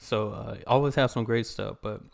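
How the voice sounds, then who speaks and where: A man hosting a reaction video, talking in a relaxed, chatty way. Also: fairly low pitch, moderate pace, creaky. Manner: relaxed, chatty, laughs along easily. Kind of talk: casual reaction commentary.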